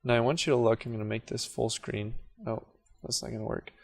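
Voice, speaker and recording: A man's voice: mid-range voice, fairly quick, gravelly. A man casually talking through a video editing tutorial as he clicks along, correcting himself now and then. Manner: relaxed, self-correcting, talks through clicks as he works. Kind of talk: casual screen-recorded software tutorial.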